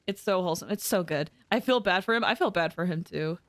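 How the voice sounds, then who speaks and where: A woman's voice: fairly low pitch, fast talker. A young adult woman streaming a game, rambling through anecdotes with lots of giggles and fillers. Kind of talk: casual live-stream chat.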